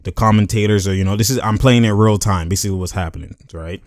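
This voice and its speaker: The speaker is a YouTube host whose voice sits on the low side, recorded with clean studio sound and no echo. He talks through a game clip on his channel in a slangy, loose way, repeating filler phrases and occasionally acting out the players' lines in quick put-on voices for this casual sports commentary.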